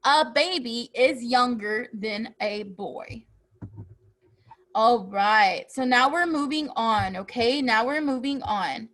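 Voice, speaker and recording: A woman's voice: fairly high pitch, animated, takes it slowly, fairly bright tone. A woman teaching a children's phonics lesson, patiently asking questions and answering them herself.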